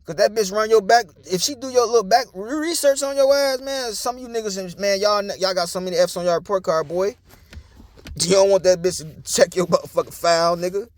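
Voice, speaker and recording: Blunt, profane man with a high voice. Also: brisk. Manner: blunt, profane, preachy street talk. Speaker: commentator. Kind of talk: casual monologue.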